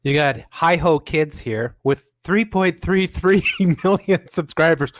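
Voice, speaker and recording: A man's voice: on the high side, a little slow. A man hosting a show, giving sarcastic, mocking commentary on videos he plays and laughing often. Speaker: host. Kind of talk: casual commentary reacting to videos.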